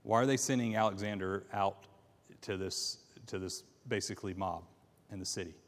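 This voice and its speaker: A low-sitting male voice belongs to a Bible class teacher recorded in a hall with long reverb. He reads scripture in a halting manner, with frequent fillers and restarts, and asks his students questions.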